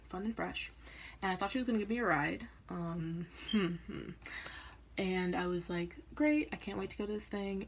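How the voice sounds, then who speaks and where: A woman's voice: fairly low pitch, a little hiss or hum. A young woman vlogger telling a story in a casual, chatty way, often laughing and acting out what people said. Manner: chatty, laughing, acts out quoted lines.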